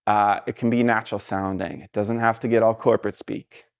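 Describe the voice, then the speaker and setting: A middle-aged man with a fairly low voice speaks to a live audience in an easygoing motivational talk. He is encouraging and conversational, with plenty of fillers. The sound is dry and close, with little room echo. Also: flat delivery, brisk, smooth. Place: stage before a live audience.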